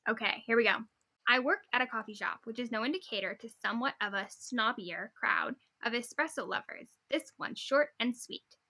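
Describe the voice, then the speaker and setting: A young woman with a lilt co-hosts a chatty podcast, her voice bright and a touch high. She reads posts aloud in an animated way and keeps giggling mid-sentence. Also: normal speed. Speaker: podcast co-host. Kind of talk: casual chat, reading posts aloud.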